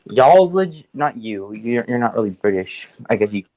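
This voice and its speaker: A man's voice: medium pitch, animated, normal speed, warm tone, dry recording, lo-fi sound. An American man chatting casually, telling stories and teasing, often swearing. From United States. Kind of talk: casual chat.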